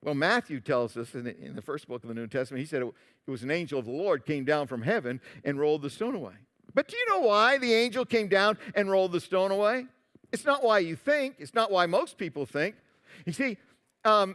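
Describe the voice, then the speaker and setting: A male pastor preaching a sermon, animated, moving between loud emphatic lines and quiet asides. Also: sits high. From Canada.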